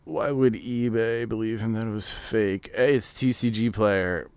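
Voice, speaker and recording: A man's voice: fairly low pitch, steady tone, a little slow, darkish tone, clear, resonant tone, no room sound. An American man hosting a casual live stream, rambling and chatting while he answers his viewers' comments. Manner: rambling, chatty, reads and answers chat aloud. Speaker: streamer hosting a live reveal watch party.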